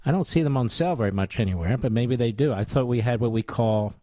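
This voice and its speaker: An American radio talk show host in his sixties delivers combative, sarcastic political commentary packed with rhetorical questions. His medium-pitched voice is fast and warm, captured on a dry recording.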